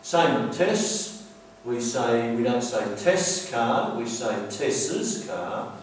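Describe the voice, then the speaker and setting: A man teaching a grammar lesson over slides, explaining patiently and repeating himself, slowing down to stress key words. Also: mid-range voice, sing-song, a little hiss or hum. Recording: very echoey room, distant mic.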